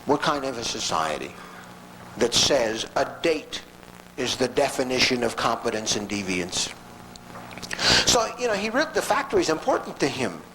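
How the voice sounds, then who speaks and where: A man giving a storytelling lecture to an audience in a folksy, animated way with frequent asides. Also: mid-range voice, moderate pace, a little hiss or hum, poor audio.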